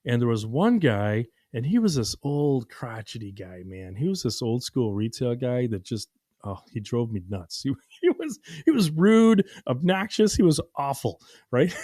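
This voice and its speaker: A man hosting a podcast tells a story in an animated, casual way. He acts out the dialogue and uses plenty of fillers. His voice sits at a middle pitch, and the recording is dry and close. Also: no echo. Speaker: podcast host.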